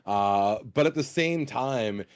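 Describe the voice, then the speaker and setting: A man co-hosting a casual talk show, wry and relaxed, with the odd curse word. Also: medium pitch, takes it slowly, smooth. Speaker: podcast co-host. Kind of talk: casual chat.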